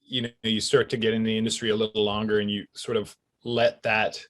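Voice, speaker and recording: A middle-aged Canadian man, an actor, chatting in an interview in a relaxed, reflective way with chuckles and fillers. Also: fairly low pitch, brisk. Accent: Canadian English. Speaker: actor guest. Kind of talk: casual interview chat.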